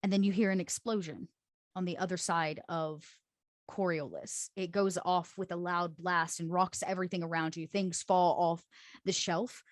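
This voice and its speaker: A woman's voice: fairly low pitch, fairly even intonation, normal speed, dry recording, studio quality. A woman narrating as game master in a tabletop game, descriptive and filler-heavy.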